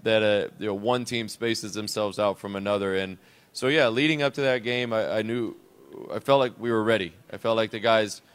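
A man with a low, smooth and resonant voice, talking as a head basketball coach on a call-in style show. He speaks in a relaxed, reflective and unscripted way. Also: normal speed. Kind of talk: conversational coach's show interview.

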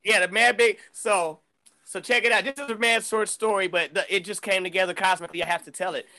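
A middle-aged man from the Bay Area talks as a podcast guest, winding through a story with restarts and swearing. His voice sits high for a man. It has a bright, forward edge. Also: fast talker. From San Francisco Bay Area. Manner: animated, profane storyteller, many restarts. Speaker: guest rapper. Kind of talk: casual storytelling chat.

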